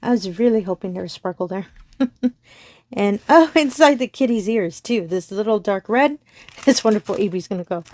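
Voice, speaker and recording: A woman's voice: mid-range voice, lively intonation, normal speed, a little mellow, no room sound. A woman, casually narrating a crafting unboxing, gushing, giggling and often apologizing. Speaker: crafting channel host. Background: crinkling plastic packaging.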